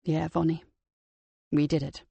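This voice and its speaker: A woman's voice: a little high, normal speed, a little mellow, no room sound, lightly acted. Woman voicing a brave, exhausted male detective. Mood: weak. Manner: commanding, then weak and breathless.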